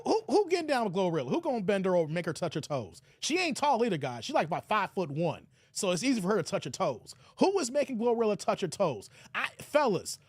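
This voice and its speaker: A man hosting a casual livestream, reading chat comments in an animated way, with stuttered repeats and frequent laughter. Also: high voice, no room sound, studio quality. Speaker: livestream host.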